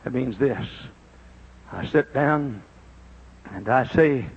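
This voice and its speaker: An older man preaching a sermon, dropping to a low confiding tone and rising to high shouted praise. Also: slow pace, creaky, long pauses, slightly rough, highs cut off.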